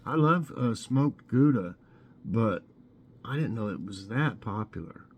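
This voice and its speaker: A man's voice: lowish voice, expressive, measured pace, a little hiss or hum. A man hosting a casual morning trivia vlog, chatting and musing as he reads out questions, options and answers. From Tennessee. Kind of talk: casual trivia quiz, reading answers aloud.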